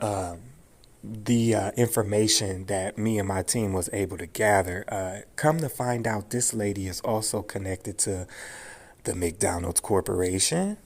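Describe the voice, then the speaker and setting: A man delivering a rambling, emphatic, profane monologue straight to his viewers. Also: on the low side. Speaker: vlogger airing grievances. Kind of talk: casual direct-to-camera monologue.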